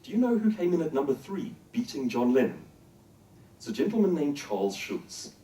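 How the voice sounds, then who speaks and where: Expressive male speaker in a roomy hall. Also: fairly high pitch, moderate pace, recorded from a distance. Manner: expressive, emphatic, asks the audience questions. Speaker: professional speaker. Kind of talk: motivational talk to a live audience.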